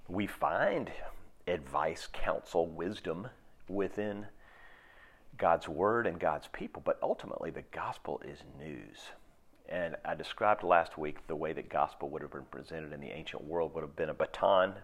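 A man in his sixties preaching a sermon in a reflective, halting way, with pauses and restarts. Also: extremely low pitch, breathy edge. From United States. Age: 60s. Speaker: pastor.

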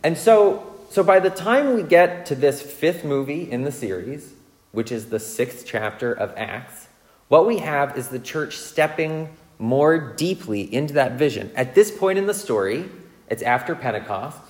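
A man preaching a sermon, telling self-mocking stories in a lively way and checking in with the audience. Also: a little high, unhurried. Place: large church hall. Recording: long reverb of a large church hall.

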